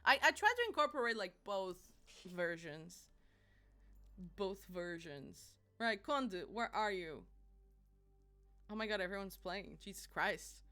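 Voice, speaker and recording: A young woman streaming live, chatting casually and animatedly, laughing and apologizing a lot and squealing when excited. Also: medium pitch, unhurried, long pauses, faint music behind.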